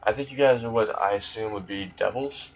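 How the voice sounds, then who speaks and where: A man voicing a monotone, emotionless teenage boy in a retold fan story, in a flat deadpan delivery. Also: lowish voice, brisk. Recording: dull lo-fi recording.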